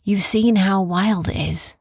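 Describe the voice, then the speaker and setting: A woman voicing a friendly, brisk woman who runs an animal rescue sanctuary, with a gravelly, husky voice in a dry, close recording. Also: medium pitch, a little mellow, no echo, full character voice. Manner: friendly, brisk, calls people love. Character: cheerful adult woman running an animal rescue.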